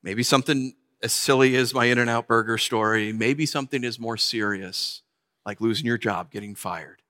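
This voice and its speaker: A man preaching a sermon, telling a funny personal story with lively, animated delivery. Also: mid-range voice, moderate pace. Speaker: pastor.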